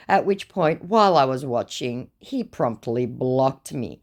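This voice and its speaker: A woman's voice: very deep voice, expressive, a little slow, few pauses, darkish tone. An Australian woman hosting a vlog, telling stories of baiting scammers in a sarcastic, mocking manner. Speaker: host.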